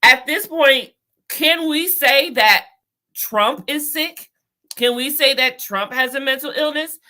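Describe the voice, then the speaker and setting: A woman's voice: fairly high pitch, pushed and bright. Outspoken woman venting to her viewers. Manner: outspoken, exasperated, talks straight to viewers. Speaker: vlogger. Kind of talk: casual political commentary.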